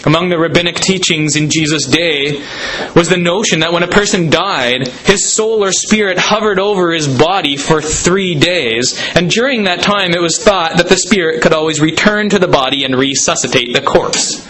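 A man preaching a sermon, dramatic, slowing down for emphasis. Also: on the high side, a bit bright, slight background noise, rough recording. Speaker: pastor.

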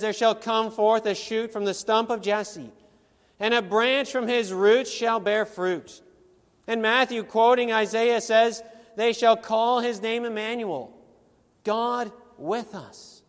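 A man with a high voice preaches a sermon slowly and deliberately. He presses his points in an earnest, emphatic way, with pointed rhetorical questions, and his voice rings with a long echo through a large hall. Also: a bit bright.

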